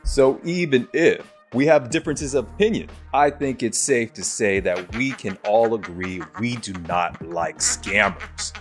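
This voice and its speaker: A man's voice: medium pitch, a little slow, hardly any pauses, soft background music. A man hosting a commentary show, wrapping up with emphatic, lecturing remarks. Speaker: show host. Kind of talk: commentary sign-off.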